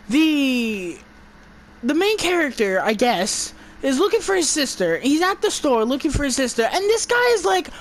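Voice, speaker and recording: A woman's voice: high voice, big pitch swings, measured pace, a little hiss or hum. A woman giving an exasperated, profane movie review, stumbling and restarting her words as she rants.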